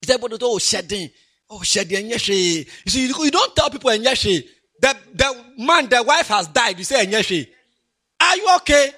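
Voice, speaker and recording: Ghanaian male pastor, high husky voice, animated sermon delivery. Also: fairly quick. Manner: animated, swings from quiet asides to loud emphatic preaching.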